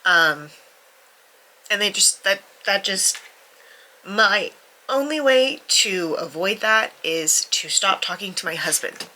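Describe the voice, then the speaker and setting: A woman's voice: mid-range voice, lively intonation, slow pace, pushed and bright, poor audio. A young woman talking candidly to camera in a casual book vlog, her voice stuffy from crying, self-deprecating and swearing freely, sometimes dropping to a near-whisper. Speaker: book vlogger.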